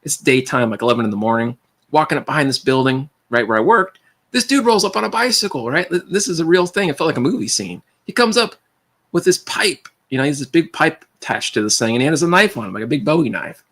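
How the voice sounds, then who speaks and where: A man hosting a livestream, telling stories casually, animated and acting out voices, often stammering and repeating words. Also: a little high, fast talker. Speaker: livestream host.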